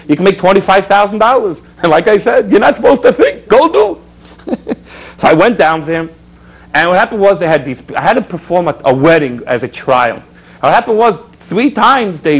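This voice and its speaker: Animated, high-pitched preaching rabbi man. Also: breathy edge, poor audio. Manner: exhorting, rhetorical questions, storytelling asides. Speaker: rabbi hosting a TV show. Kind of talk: animated preaching talk with anecdotes. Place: public access TV studio.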